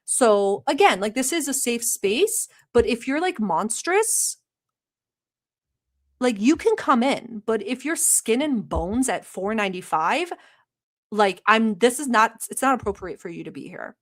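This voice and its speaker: A young woman hosts a satirical livestream chat, rambling sarcastically and mock-earnestly with plenty of fillers. Her fairly high voice is sing-song and a little slow.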